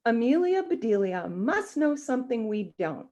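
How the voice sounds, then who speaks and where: A woman voicing a mild, easygoing husband in a storybook read-aloud, calm and relaxed. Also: fairly high pitch, moderate pace.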